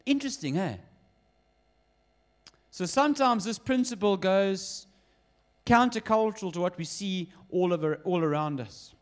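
Pastor, high-pitched man, animated sermon storytelling. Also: unhurried, pauses often. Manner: lively storytelling with acted quotes.

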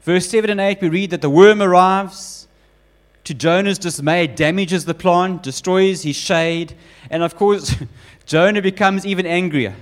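A man preaching a sermon with emphatic, animated delivery, often building up repeated lists. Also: sits high, unhurried. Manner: acts out quoted voices of God and Jonah.

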